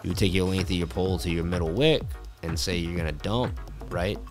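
A man with a lowish voice hosts a casual livestream, walking through market charts. He talks loosely and jokes, repeating words and riffing as he goes. Faint music plays underneath. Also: brisk. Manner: loose, jokey, riffs and repeats himself. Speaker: crypto livestream host.

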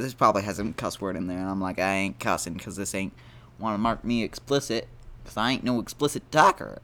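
A man's voice: on the low side, sharp tone. A man hosting a casual solo podcast, rambling and joking at his own expense. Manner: rambling, self-deprecating, jokey. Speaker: podcast host.

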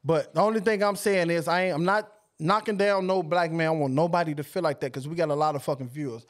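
A man with a fairly high speaking voice argues hard in a casual group podcast. He is blunt and profane, and he keeps pushing his point over the other speakers. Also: steady tone, fast talker. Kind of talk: heated casual debate.

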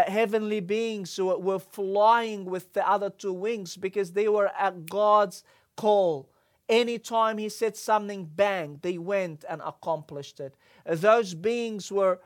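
A preacher giving an earnest sermon, often halting and restarting mid-phrase, building emphasis through repetition. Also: medium pitch. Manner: halting, with many restarts and fillers.

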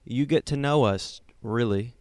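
A man's voice: mid-range voice, a little slow, darkish tone, dry recording. A man co-hosting a casual comedy podcast, telling self-mocking stories in a joking way. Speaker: podcast co-host.

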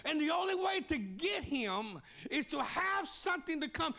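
A man preaching a sermon, swinging into shouted, sing-song cadences and folksy jokes. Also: extremely high pitch, big pitch swings, normal speed, gravelly. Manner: folksy, jokey asides.

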